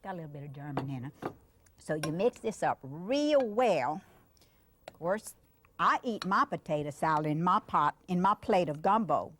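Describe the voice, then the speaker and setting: Older woman, Cajun accent, warm chatty cooking host, low voice. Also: expressive, moderate pace, slight background noise. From Louisiana. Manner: chatty and affectionate, talks to the child while cooking. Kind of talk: cooking demonstration.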